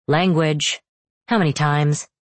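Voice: medium pitch, steady tone, takes it slowly, no echo, close to an everyday voice. A narrator voicing a strict father who scolds his daughter, firm and lecturing. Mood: stern. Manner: stern, scolding. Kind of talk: audiobook character voice.

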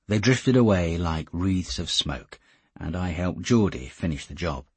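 A man narrating an audiobook in a steady, measured way. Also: low voice, breathy edge, no echo.

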